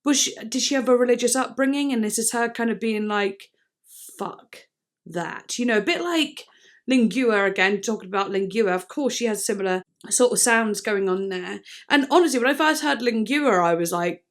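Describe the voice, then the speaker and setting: A young woman hosting a music reaction video, talking casually and candidly, swearing freely and thinking out loud with plenty of fillers. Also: mid-range voice, moderate pace.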